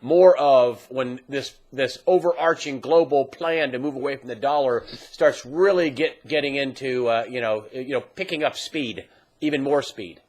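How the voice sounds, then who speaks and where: Man asking a halting interview question. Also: mid-range voice, darkish tone. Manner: halting question with fillers and restarts. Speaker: interview host.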